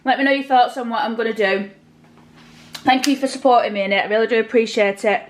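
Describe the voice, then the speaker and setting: A woman's voice: on the high side, steady tone, fast, a little hiss or hum, poor audio. A woman chatting to her viewers while she cooks in her home kitchen, casual and talkative. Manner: chatty, addresses viewers directly. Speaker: vlogger. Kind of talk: casual cooking vlog.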